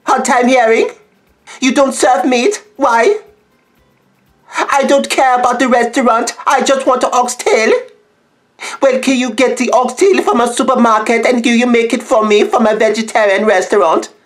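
A man's voice: extremely high pitch, normal speed. A man voicing a rude, demanding customer on the phone in a comedy skit, impatient and brusque.

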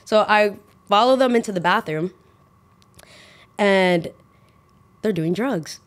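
A woman's voice: medium pitch, slow. Chatty young woman telling a story. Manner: animated, filler-heavy with lots of "like". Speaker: podcast host. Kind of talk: casual storytime.

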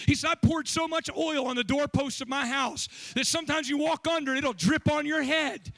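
A man preaching a sermon as pastor, telling stories with animated, emphatic delivery. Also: extremely high pitch, moderate pace, vocal fry, few pauses.

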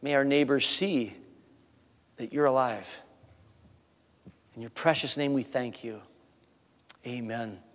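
A man, the pastor, preaching a sermon with rising emphasis and then leading a soft prayer. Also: mid-range voice, slow, pauses often. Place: church sanctuary. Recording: long church reverb.

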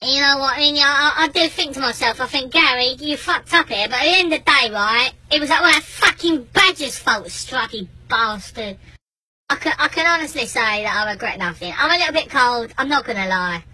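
A woman's voice: high voice, lively intonation, brisk, breathy edge, exaggerated voice, rough recording. Gary, a woman doing a swearing meerkat geezer. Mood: glum. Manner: swearing, ranting, shouting. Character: rough male meerkat geezer, brash and foul-mouthed. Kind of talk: comic monologue.

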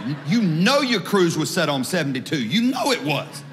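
A pastor delivers a lively, joke-filled sermon and climbs into shouts when he drives a point home. His voice sits high and bright. It rings out with a long hall reverb behind it. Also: moderate pace, a little hiss or hum. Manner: humorous, animated preaching.

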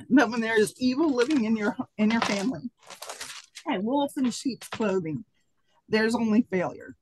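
A woman reading a personal piece aloud, emotional and halting. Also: on the high side, slight background noise, rough recording. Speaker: workshop participant reading her writing. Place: conference workshop room.

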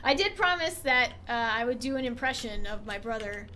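A woman's voice: on the high side, expressive, fairly quick, sharp tone, a little hiss or hum. A young woman from Texas chatting casually and crudely while streaming a game.

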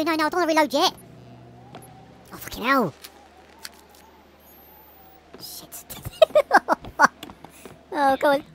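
This let's-play gamer has a high, slightly bright voice. Playing a horror game, she gives jittery commentary, swears a lot, and laughs through her fear.

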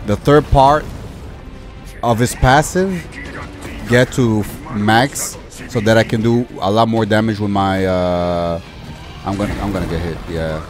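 A young man giving casual commentary over a video game he plays, chatty and quick to get annoyed. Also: on the low side. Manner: chatty, easily frustrated, swears mildly. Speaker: gaming youtuber.

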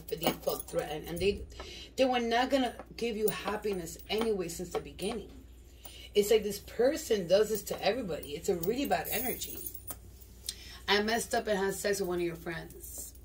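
A woman with a mid-range, darkish voice does a casual tarot reading for her viewers, rambling along in a blunt, slangy, profane way. The mic is distant, with clear background noise and clicks.

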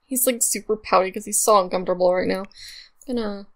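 A woman's voice: medium pitch, quick pace. A young woman chatting casually over her gameplay, bubbly and gushing, with lots of fillers. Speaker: let's play gamer.

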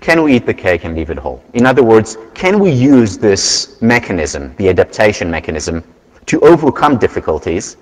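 A man giving a university lecture, earnest and measured, telling stories to make his point. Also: fairly low pitch, big pitch swings. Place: large lecture hall. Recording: lecture hall with long reverb.

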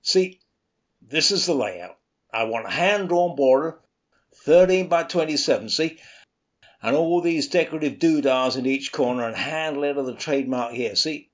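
An actor playing a domineering, impatient employer who barks orders in a radio drama re-creation. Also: male voice, a little high, animated, normal speed, lightly acted. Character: bullying bossy male employer. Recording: dull lo-fi radio-style recording.

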